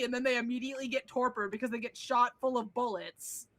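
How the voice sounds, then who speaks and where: A woman player rattling off a recap of the last tabletop session, excited and swearing freely. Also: on the high side, normal speed, hardly any pauses, no room sound. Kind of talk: casual chat.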